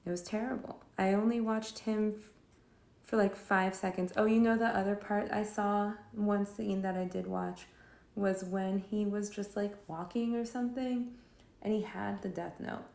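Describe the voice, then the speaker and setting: A woman with a gravelly, mellow voice talks in a loose, rambling way, with a steady stream of "like" and exasperated sarcasm. She sounds like she is venting to friends in an echoey room. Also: medium pitch, normal speed. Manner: sarcastic, exasperated, filler-heavy with lots of "like". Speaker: vlogger reviewing films while drawing. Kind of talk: casual rambling film roast.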